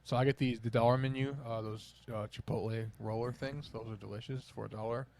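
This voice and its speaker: A young adult man, a podcast co-host, chatting casually and telling a lively anecdote, acting out the people in it. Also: mid-range voice, fairly quick, vocal fry. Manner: animated storyteller, acts out quotes. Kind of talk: casual chat, storytelling.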